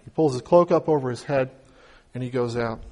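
A pastor with a medium-pitched, slightly mellow voice speaks fairly quickly as he delivers a conversational sermon. He retells the story with humor, acting out the biblical characters' pleas with mounting emotion.

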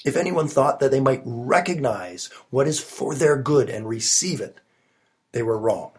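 A man's voice: medium pitch, animated, a little slow, darkish tone, husky. A man preaching a sermon, recorded alone in his study while he has a cold, earnest and emphatic with rising stresses. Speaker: pastor.

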